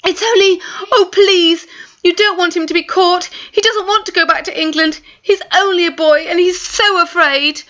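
A woman voicing a frightened young girl who pleads in a high, breathless, tearful voice. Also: fairly even intonation, moderate pace, sharp tone, highs cut off. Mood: tearful pleading.

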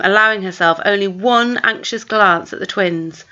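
A woman narrating a children's novel in a lively, expressive reading voice. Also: medium pitch, normal speed, few pauses. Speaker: audiobook narrator. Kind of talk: storybook reading. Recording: dull lo-fi recording.

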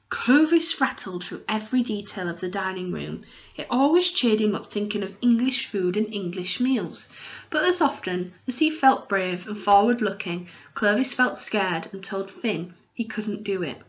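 Casting: female audiobook narrator, steady storytelling voice, mid pitch, slightly dull recording. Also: moderate pace.

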